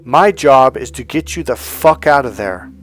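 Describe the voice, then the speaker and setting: A man's voice: mid-range voice, animated, moderate pace, a bit bright, soft background music. Blunt, emphatic male dating coach. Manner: repeats words for emphasis. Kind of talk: storytelling monologue.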